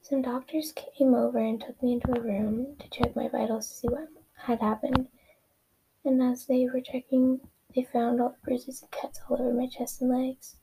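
A woman's voice: on the high side, little pitch movement, moderate pace, warm tone, breathy edge, low-quality recording. A young woman casually reading her own story aloud, often correcting herself and dropping into whispered asides. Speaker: reader of her own fan fiction.

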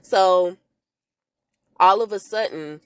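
A woman casually recapping a movie for her podcast listeners, telling it in an animated way and acting out the characters' lines. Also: medium pitch, slow, smooth, no room sound. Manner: animated storytelling, talks to listeners as "y'all", acts out quotes in character voices. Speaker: podcast host recapping a film.

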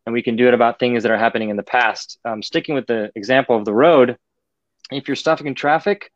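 On a lo-fi track with no room sound, a man with a mid-range voice talks fast as a podcast guest. He's casual and animated, a storyteller who slips into other people's voices to get his ideas across.

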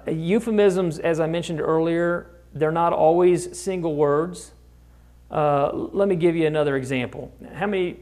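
A man's voice: a little high, darkish tone. A man preaching a conversational sermon, often asking his listeners rhetorical questions. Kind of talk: sermon teaching.

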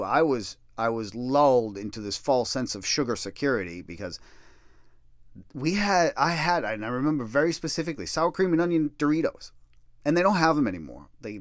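A middle-aged man spins a long personal story in casual, profane speech. His pitch rises and falls a lot as he talks. The sound is dry and close, with no room around him. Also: no room sound. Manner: profane, self-deprecating, animated storytelling.

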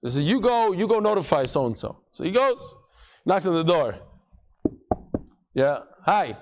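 Lively, high-pitched male Talmud teacher, playing out stories in class. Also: moderate pace. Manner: animated, acts out quotes with shifting voices and jokes.

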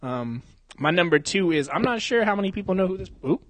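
A man's voice: high voice, sing-song, fast talker, no echo. A young man in his twenties chatting crudely on a podcast. He swears constantly, uses slang and breaks into laughter often. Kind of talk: crude casual banter.

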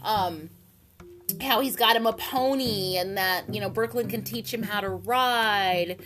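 A chatty, opinionated woman runs through a casual episode recap and slips into the characters' quotes as she goes. Her voice sits at a middle pitch, and music plays clearly underneath the whole time. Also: measured pace, fairly bright tone. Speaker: soap opera recapper.

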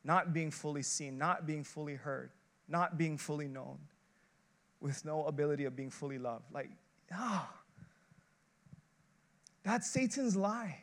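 A man's voice: on the high side, a little slow, pauses often, a bit bright. A man, an associate pastor, preaching a sermon in a conversational, emphatic way, building his points through rhetorical questions and repeated short phrases.

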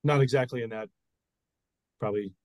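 A man's voice: medium pitch, moderate pace, no echo, poor audio. A man, a pastor and podcast co-host, explaining Bible stories in casual chat with frequent restarts.

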